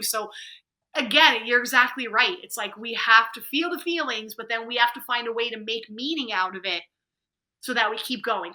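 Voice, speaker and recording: A woman speaking as a podcast guest, animated and conversational, acting out inner voices as she talks. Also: on the high side, low-quality recording. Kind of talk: conversational interview.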